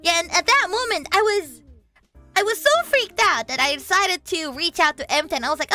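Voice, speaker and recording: Bright high-voiced woman streamer, lively chatter, soft music underneath. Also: moderate pace. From Indonesia. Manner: animated, switches between Indonesian and English, laughs often. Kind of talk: casual livestream chat. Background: soft background music.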